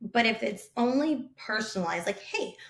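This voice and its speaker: A woman's voice: mid-range voice, normal speed. Chatty woman telling a story in an echoey room. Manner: animated, chatty, many fillers, acts out quotes. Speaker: founder sharing sales advice. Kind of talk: casual storytelling talk. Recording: roomy echo.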